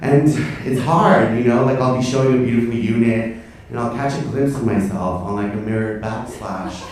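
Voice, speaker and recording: A man's voice: medium pitch, normal speed, a little mellow, far from the mic. A man doing a stand-up set on a comedy club stage, brash, profane and camp, teasing the crowd. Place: comedy club stage before a live audience. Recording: echoey club, mic from afar, audience laughter.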